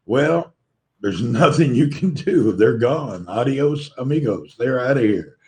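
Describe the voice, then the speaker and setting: Livestream host, American man with a Southern accent, sleep-deprived and slightly crackly, greets his viewers in a relaxed, chatty way. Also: mid-range voice, measured pace. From Tennessee, USA. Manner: friendly, greets viewers one by one. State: tired, voice a little crackly from poor sleep. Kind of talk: casual livestream chat, reading out viewer comments.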